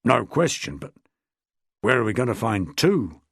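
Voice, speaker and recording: A man reading a blunt, gruff middle-aged detective from an audiobook, speaking low and dry with a husky edge and rising sharply when a point lands. The manner is curt, with a growl under it. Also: very animated, a little slow, no echo, full character voice. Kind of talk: audiobook character voice.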